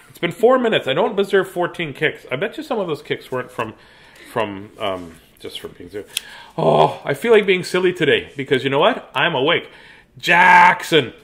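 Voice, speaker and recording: A man's voice: fairly high pitch, bright, forceful tone. Playful man hosting a kids' reading stream. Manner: playful and silly, breaking into sing-song chants and announcer voices. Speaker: host reading children's books on a livestream. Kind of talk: casual live chat to young viewers.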